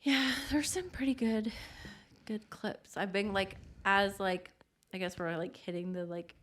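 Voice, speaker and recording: Woman, podcast co-host, casual chat, bright voice, rambling, fillers. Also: mid-range voice, fairly even intonation, a little slow. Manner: chatty, lots of fillers, laughs while telling. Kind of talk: casual chat recalling game clips.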